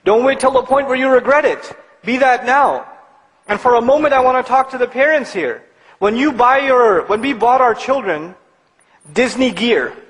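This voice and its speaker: A man preaching a sermon in an animated, conversational way, building to emphatic points. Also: very high-pitched, long reverb tail, rough recording.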